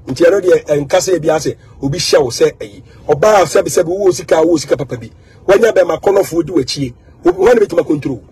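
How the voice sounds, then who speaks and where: Ghanaian male commentator, high and raspy, emphatic and repetitive. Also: a little mellow. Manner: emphatic and repetitive, mixing in English phrases. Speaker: social media commentator. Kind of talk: animated monologue.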